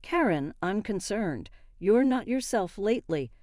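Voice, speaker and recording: A woman voicing a concerned male boss who gives calm, kindly advice. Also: medium pitch, unhurried, no room sound, clean studio sound.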